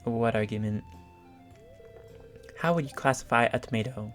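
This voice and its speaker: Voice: medium pitch, normal speed, faint music behind, natural voice. A gamer reading a game's dialogue aloud as an earnest, pedantic scientist man. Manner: reads game dialogue aloud.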